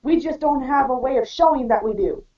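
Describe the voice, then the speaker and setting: A woman's voice: high voice, a little fast, dark tone, distant mic. Blunt woman talking off-mic, lo-fi. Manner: blunt, outspoken, rambling. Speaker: round table panelist. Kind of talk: casual panel chat. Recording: dull lo-fi audio from off-mic.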